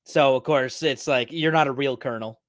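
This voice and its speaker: A man's voice: mid-range voice, brisk, dry recording. A Canadian man with a Canadian accent, chatting casually with dry, self-deprecating humor. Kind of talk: casual chat.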